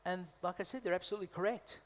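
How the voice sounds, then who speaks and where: A man's voice: high-pitched, very fast. A man from Malta, a guest preacher, delivering a conversational sermon with humorous asides and emphatic repetition. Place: church hall. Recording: reverberant hall.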